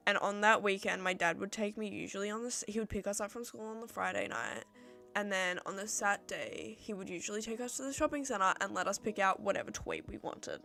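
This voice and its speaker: A woman's voice: medium pitch, brisk, creaky, bright, forceful tone, soft background music. A young Australian woman chatting casually on a livestream, answering viewer questions in a rambling way and acting out little exchanges with her friends.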